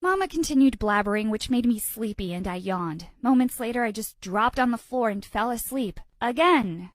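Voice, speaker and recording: A woman narrating a first-person animated story in a dramatic, expressive way. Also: a little high, moderate pace, dry recording, studio quality.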